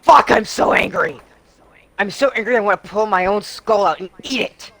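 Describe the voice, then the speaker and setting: A man voicing a furious young male demon student, ranting and shouting threats. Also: high voice, normal speed, background noise, voice pushed up.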